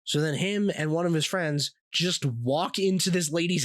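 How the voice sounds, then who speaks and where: A man hosting a casual podcast, telling a story in an animated way, laughing and swearing freely. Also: on the high side, normal speed, few pauses, no echo, studio quality. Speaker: podcast host.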